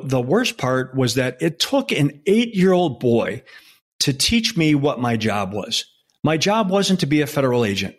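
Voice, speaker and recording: In a mid-range voice, a sixty-something man who used to be an undercover federal agent shares a personal story for an interview, speaking earnestly and with emotion as he stops and restarts.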